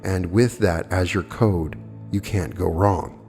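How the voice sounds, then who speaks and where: A man's voice: low-pitched, steady tone, takes it slowly, creaky, darkish tone. A man giving a plainspoken spoken lecture, arguing his points with rhetorical questions and answering audience questions. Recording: old archive lecture with long hall reverb and faint music.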